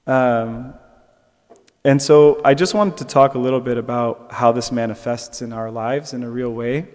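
With a long reverb tail behind him, a young preacher speaks at a moderate pace in a medium-pitched voice. His sermon reflection is conversational, dotted with fillers and restarts, and livens up whenever he tells a story.

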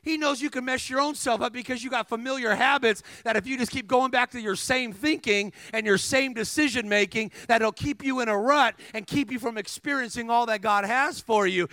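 High-pitched gravelly preacher man. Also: a little fast, hardly any pauses, dry recording. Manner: energetic storytelling with humor and call-and-response asides; emphatic, rising to shouts at climaxes. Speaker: guest preacher. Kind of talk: sermon.

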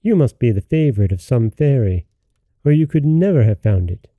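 A man's voice: mid-range voice, very animated, normal speed, warm tone, no room sound, lightly acted. A man reading as a proud, stubborn young princess. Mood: firm.

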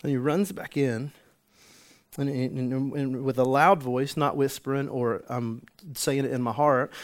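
A man preaching a sermon, an animated storyteller who acts out the scenes he describes. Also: medium pitch, unhurried. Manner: animated storytelling, acts out the healed man's joy. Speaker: pastor.

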